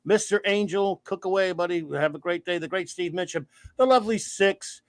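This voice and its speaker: A man with a high voice hosts a casual live talk show. He rambles playfully and pokes fun at himself. The sound is dry and close, with no room around him. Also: normal speed, no room sound. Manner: rambling, playful, self-mocking. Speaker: livestream show host. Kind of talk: casual chat.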